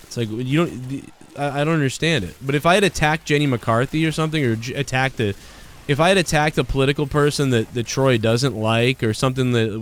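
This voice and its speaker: A man's voice: medium pitch, smooth. Rambling man streaming a game. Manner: rambling, heated retelling of an argument. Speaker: gaming streamer. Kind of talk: casual live-stream chat while gaming.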